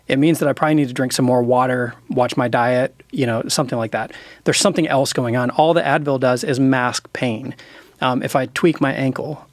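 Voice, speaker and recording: A man's voice: medium pitch, steady tone, brisk, no echo. Middle-aged male pastor-author, sincere reflective delivery, dead-dry room. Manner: earnest, emotional, reflective. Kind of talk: heartfelt conversation.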